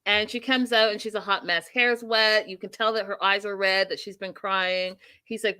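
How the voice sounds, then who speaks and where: A woman's voice: mid-range voice, steady tone, normal speed, hardly any pauses, bright, forceful tone, clear, resonant tone. A woman hosting a casual reality TV recap chat, talking with animation, acting out quotes and laughing often. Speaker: host.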